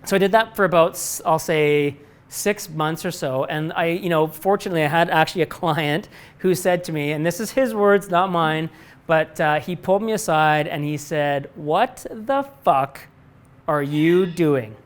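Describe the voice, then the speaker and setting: A man's voice: fairly high pitch, moderate pace, clear, resonant tone. A middle-aged man, a company president, answering student questions in a live talk, candid and rambling with frequent restarts and casual swearing. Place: lecture room before a live audience.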